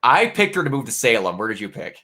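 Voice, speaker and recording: Young guy with a bright voice gushing about a game, acts out the scenes. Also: mid-range voice, quick pace, slight background noise. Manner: animated storytelling, acts out scenes with quotes. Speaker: game reviewer. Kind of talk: casual spoiler review chat.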